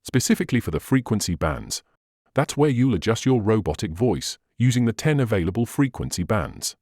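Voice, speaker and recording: A man's voice: on the low side, big pitch swings, brisk, darkish tone, no room sound, clean studio sound. A man hosting a synthesizer tutorial, patiently walking through settings step by step with slightly non-native phrasing. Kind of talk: instructional screen walkthrough.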